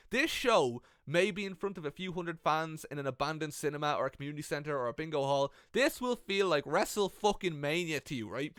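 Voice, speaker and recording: A young Irish man giving comedic, sweary advice about wrestling commentary in an animated vlog, speaking into a gaming headset. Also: sits high, no echo, clean studio sound. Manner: animated, sweary, self-mocking.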